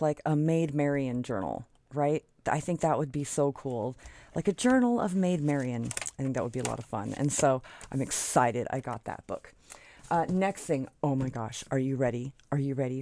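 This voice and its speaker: A woman vlogger chatting casually and excitedly while showing off her craft supplies, with plenty of fillers and little squeals of delight. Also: low-pitched, no room sound. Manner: bubbly, excitable, lots of fillers. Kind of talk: casual show-and-tell chat.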